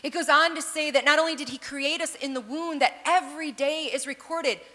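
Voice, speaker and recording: A woman in her thirties preaching from the stage, animated and earnest with bits of humor. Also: sits high, brisk. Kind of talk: sermon storytelling. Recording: long hall reverb.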